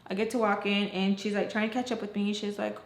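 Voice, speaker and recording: Chatty young woman in an echoey room. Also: fast. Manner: animated, acts out quotes with jumps in pitch, frequent "like". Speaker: storytime vlogger. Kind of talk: casual storytime retelling. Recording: roomy echo, faint background noise.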